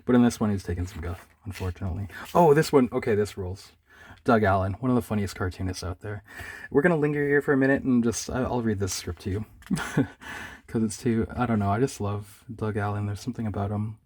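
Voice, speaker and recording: A man chatting casually about his comic pickups, rambling and trailing off softly. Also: lowish voice, fast, no echo. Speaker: comic collector vlogger. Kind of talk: casual chat reading comics aloud.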